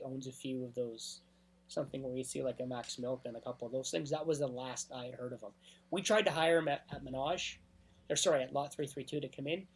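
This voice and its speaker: A man as a DJ guest in a casual interview, telling anecdotes at length and often clearing his throat. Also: on the high side.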